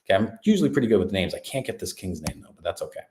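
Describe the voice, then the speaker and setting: Low-voiced guy rambling through a show recap, roomy echo. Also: sing-song, racing, darkish tone. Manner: rambling, forgetful, laid-back. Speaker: podcast host. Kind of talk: casual episode recap. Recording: echoey room.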